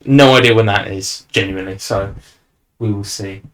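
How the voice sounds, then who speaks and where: A man's voice: fairly low pitch, fairly even intonation, normal speed, a bit bright. A young man hosting a podcast, chatting casually and rambling with fillers and restarts. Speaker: podcast host. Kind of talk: casual chat.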